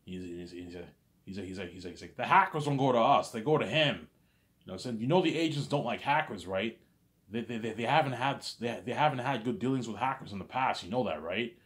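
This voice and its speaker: A man's voice: on the low side, animated, a little fast. A man telling a rambling, casual story, stumbling over restarts and leaning on the same stock phrases again and again.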